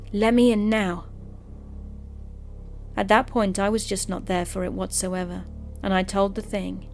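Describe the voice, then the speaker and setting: A woman hosting a channel and calmly narrating scary stories in a steady storytelling voice. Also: mid-range voice. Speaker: host and narrator of horror stories. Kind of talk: scripted horror story narration.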